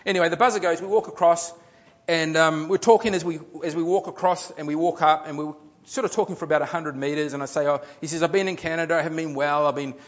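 Chatty New pastor, lo-fi. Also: male voice, fairly high pitch. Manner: chatty, rambling storyteller with frequent restarts and fillers. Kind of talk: sermon storytelling.

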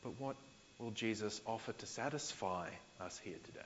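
Australian pastor, casual sermon. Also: male voice, fairly low pitch, normal speed, lo-fi sound, slight background noise. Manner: conversational, paraphrases scripture in slang.

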